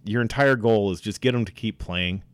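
A man with a low voice co-hosts a sports podcast, chatting in an easy, drawn-out way. The sound is dry and close, with no room echo. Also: smooth. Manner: relaxed, drawling, acts out yelling coaches. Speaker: podcast co-host. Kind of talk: casual sports chat.

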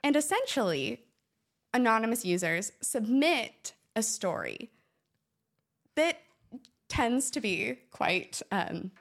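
A woman's voice: fairly high pitch, big pitch swings, slow pace, creaky, long pauses. A young woman co-hosting a casual podcast and reading stories aloud, chatty and a little self-conscious, laughing often, on a studio microphone. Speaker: co-host, law student.

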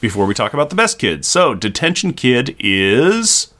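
A man co-hosting a podcast, chatting casually about a comic in a rambling, animated way with lots of fillers. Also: mid-range voice, normal speed. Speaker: podcast co-host. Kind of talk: casual chat reviewing a comic.

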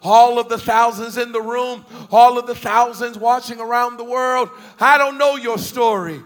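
A man from the US Northeast preaching a storytelling sermon to a big congregation, animated, with repeated questions and bursts of shouting. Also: very high voice, moderate pace. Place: large church hall with thousands present. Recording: large hall reverb.

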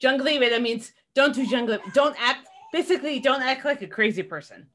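A woman's voice: high-pitched, fairly quick. A woman in her forties co-hosting a podcast, chatting casually and laughing as she talks. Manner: animated, laughs while talking. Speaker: podcast co-host. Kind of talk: casual chat.

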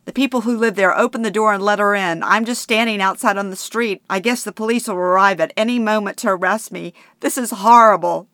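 A woman's voice: mid-range voice, fairly quick, few pauses, fairly bright tone, no room sound, studio quality, pitched above the performer's own voice, lightly acted. A woman voicing a frantic elderly husband who is rattled and panicking. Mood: panicked.

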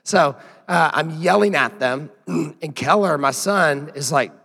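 A hoarse man in his thirties, a pastor giving church announcements and opening a sermon in a casual, rambling way with self-deprecating asides. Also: fairly high pitch, slow pace, fairly bright tone. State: hoarse from yelling while coaching. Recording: long hall reverb.

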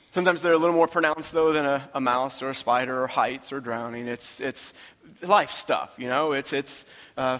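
A man's voice: on the high side, a bit bright, big-room sound. A man preaching a sermon, talking in a conversational, emphatic way and repeating his phrases for weight. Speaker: pastor.

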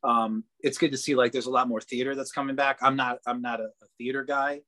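A man chats loosely as a podcast guest, a mid-pitched voice that keeps trailing into "um" and "like." He laughs easily as he talks. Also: little pitch movement, brisk, sharp tone, dry recording. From Boston area. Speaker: guest actor. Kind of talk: casual podcast interview.

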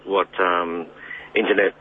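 A man's voice: deep voice, level tone, unhurried, slightly rough. A man calling in to a radio show, hesitant and full of ums. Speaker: caller. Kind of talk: phoned-in chat. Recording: dull phone line.

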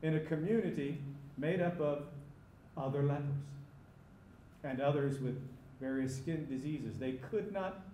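A man preaching a sermon, emphatic, sometimes rising to loud cries. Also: fairly high pitch, unhurried, long pauses, roomy sound, a little hiss or hum.

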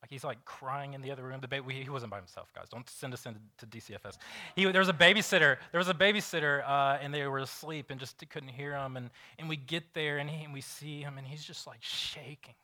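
Bright-voiced male pastor preaching casually. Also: medium pitch, brisk, hardly any pauses. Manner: conversational, emotional storytelling with frequent restarts. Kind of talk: sermon.

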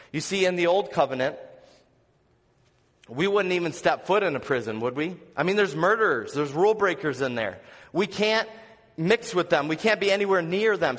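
An earnest male pastor preaches to his congregation in a slightly high voice, often asking them questions and dropping to soft, low lines. His sermon carries the long reverb of a church sanctuary.

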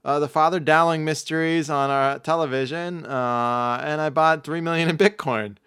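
A man's voice: on the high side, fairly even intonation, moderate pace, a bit bright, smooth, dry recording, studio quality, voice pushed up, close to an everyday voice. A man voicing a cheerful, clueless elderly grandmother in a sweet, singsong way. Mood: chipper.

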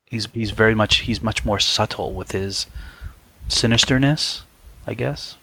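A man's voice: lowish voice, measured pace, gravelly, bright, forceful tone, husky. A man co-hosting a podcast, chatting casually and laughing often. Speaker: podcast co-host. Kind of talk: casual chat.

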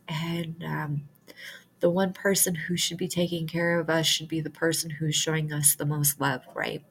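A woman speaking to her viewers in a halting, emotional way, close to tears, as a spiritual vlogger reflecting on loss. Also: low-pitched, slight background noise. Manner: halting, emotional, with many pauses and fillers. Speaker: spiritual vlogger, self-described light worker. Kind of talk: casual reflective talk to viewers.

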